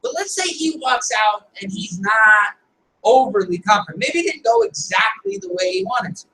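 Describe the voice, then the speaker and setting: High, lively male coach in an echoey room. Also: moderate pace. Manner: rhetorical questions, keeps checking with "right?". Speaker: business coach leading a meeting. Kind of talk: coaching talk to a group. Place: meeting room. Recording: echoey room, distant mic, faint noise.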